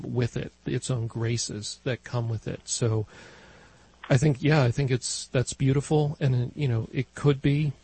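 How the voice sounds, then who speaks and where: A man's voice: mid-range voice, creaky, darkish tone, husky, no room sound, rough recording. A man co-hosting a radio talk show, answering a caller in a thoughtful, hesitant way. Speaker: radio co-host.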